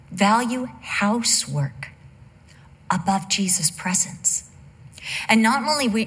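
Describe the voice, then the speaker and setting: An older woman preaching a sermon in an animated way, telling family stories and acting out the voices of the people in them. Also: mid-range voice. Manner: animated, acts out voices, dramatic pauses. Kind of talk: sermon with storytelling.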